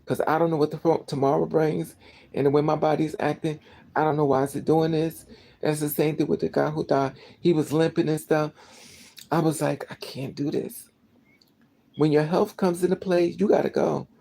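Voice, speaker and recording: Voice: mid-range voice, flat delivery, a little fast, gravelly, dark tone, rough recording. A vlogger telling a story as a casual rant, emotional and indignant, repeating phrases for emphasis.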